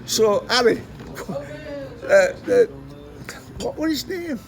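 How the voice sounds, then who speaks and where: A man's voice: extremely high pitch, sing-song, slow pace, creaky, over music. A man telling a rambling anecdote, swearing constantly and repeating himself. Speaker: storyteller.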